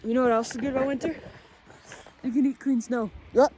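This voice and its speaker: A young woman vlogs outside in the snow, coaxing her dog in a playful, chatty way while slightly out of breath. Her voice is high and brisk with a darkish tone and fairly even intonation. There's a faint hiss or hum in the audio.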